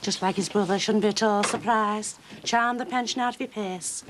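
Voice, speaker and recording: An actress playing a brisk, prim churchgoing woman in a soap opera. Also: medium pitch, background noise, close to an everyday voice.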